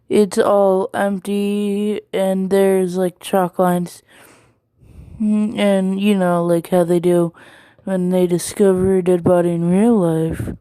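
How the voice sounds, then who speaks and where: A woman's voice: mid-range voice, dark tone, dry recording. A woman casually retelling a fan story, rambling with many ums and likes.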